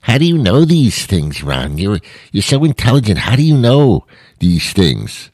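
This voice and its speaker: A man's voice: on the low side, wildly swooping pitch, a little slow, darkish tone, dry recording, pitched above the performer's own voice, full character voice. A man putting on a clueless young millennial. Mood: naive. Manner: naive, gushing questions.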